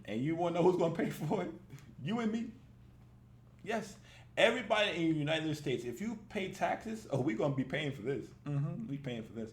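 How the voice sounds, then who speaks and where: A man with a high voice that swings widely up and down, ranting in a blunt, profane, casual way and breaking into laughter often. He sounds like he is recording in an echoey room. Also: expressive, moderate pace, slight background noise. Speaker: reaction video host.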